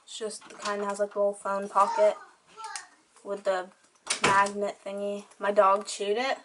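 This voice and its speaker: A woman's voice: medium pitch, completely flat delivery, moderate pace, background noise. Chatty teenage girl rambling casually. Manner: chatty, rambling, heavy use of "like". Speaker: vlogger. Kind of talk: casual show-and-tell chat. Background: crying children.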